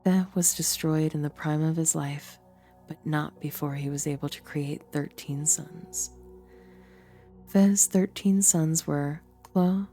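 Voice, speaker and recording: A young woman with a low, warm voice reads fantasy lore aloud like a storyteller. Her delivery is theatrical and deliberate, leaning into the odd names. Faint game music sits underneath. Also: fairly even intonation. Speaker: streamer and voice actor.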